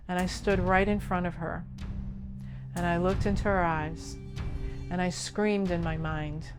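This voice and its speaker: Slow, low-voiced woman recounting an encounter. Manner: slow, deliberate present-tense recounting. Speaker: experiencer telling her own story. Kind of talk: recounted personal narrative.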